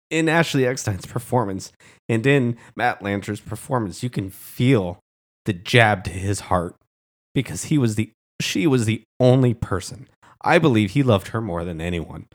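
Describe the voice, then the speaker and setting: A man with a low voice recaps a show in casual commentary. He is passionate and indignant, getting emotional as he talks. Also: lively intonation, measured pace.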